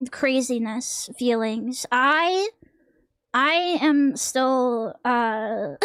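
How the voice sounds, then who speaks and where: High-voiced young woman streamer, slow and joking. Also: no room sound. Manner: rambling, joking, crude. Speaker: vtuber streamer. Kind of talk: casual stream chat while drawing.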